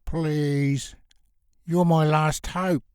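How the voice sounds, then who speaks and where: A man's voice: fairly high pitch, measured pace, no room sound, studio quality, voice pushed up, lightly acted. A man voicing a bumbling male servant of a vampire who stammers and fakes a cheerful accent. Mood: flustered. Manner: flustered, stammering, over-eager.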